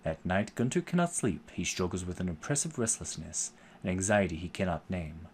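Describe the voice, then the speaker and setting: A man's voice: low-pitched, expressive, brisk, a little hiss or hum. A man reading a game's story aloud as narrator, dropping casual asides in between. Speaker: let's play host.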